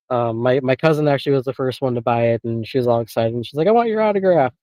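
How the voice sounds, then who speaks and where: A man's voice: medium pitch, fairly even intonation, fairly quick, mellow, no echo, poor audio. A man guesting on an interview and chatting casually about paranormal investigating, rambling with many filler phrases and frequent chuckles, over a remote call.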